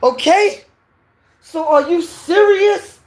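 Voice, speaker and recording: A woman's voice: very high voice, lively intonation, takes it slowly. A woman from New York with a New York accent, giving a heated, preachy opinion rant and repeating her points.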